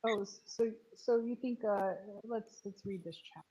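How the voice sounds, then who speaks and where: A woman's voice: mid-range voice, a little slow, mellow, breathy edge, muffled recording. A woman hosting a casual stream, asking probing questions and often restarting her sentences. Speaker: stream host reading chat. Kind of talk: casual chat and interview.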